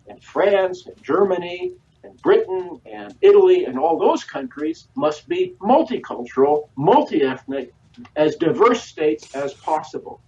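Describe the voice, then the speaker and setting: A man answers as a guest historian on a radio interview, his voice sitting fairly high for a man. He lectures in a measured way, stringing long lists together with frequent "uh" pauses. The audio sounds dull and lo-fi, and he seems set back from the mic. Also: sing-song, gravelly, a little mellow, recorded from a distance.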